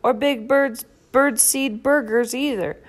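A woman's voice: high-pitched, steady tone, takes it slowly, voice pushed up. A woman doing Bert, an earnest fussy puppet. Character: fussy serious puppet friend, young male.

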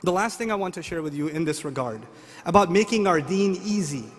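A middle-aged man preaching a sermon, asking the audience lively rhetorical questions. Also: sits high, a little fast. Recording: long hall reverb.

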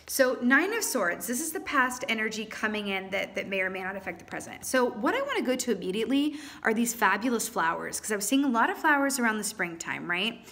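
A woman giving a casual tarot reading to viewers, chatty and animated with playful exclamations. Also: mid-range voice. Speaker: tarot reader.

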